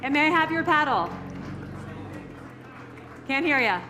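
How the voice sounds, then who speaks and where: A woman working as an auctioneer, calling bids briskly and teasing the bidders in a live auction room. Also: sits high, animated, pushed and bright, slight background noise.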